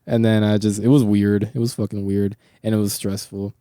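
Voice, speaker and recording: A man's voice: fairly low pitch, little pitch movement, a little fast, mellow, clear, resonant tone, dry recording, clean studio sound. A young man hosting a podcast, telling long rambling stories in casual chat, full of swearing and filler words. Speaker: podcast host.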